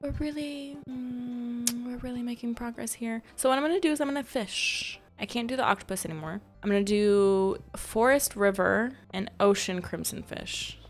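A woman's voice: on the high side, moderate pace, few pauses, faint music behind. A young woman chatting casually over a farming game she is playing, rambling and heartfelt as she talks to her viewers. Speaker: gaming video host. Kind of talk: casual gameplay commentary.

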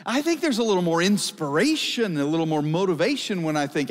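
A man's voice: high voice, animated, a little fast, few pauses. A male pastor preaching a conversational sermon, asking the congregation questions. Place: church service hall. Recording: long hall reverb.

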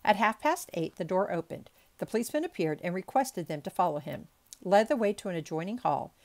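A woman's voice: fairly low pitch, expressive, a little fast, a little mellow. Chatty woman reading an audiobook. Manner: chatty asides and stumbles over words. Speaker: audiobook reader. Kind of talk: amateur audiobook narration.

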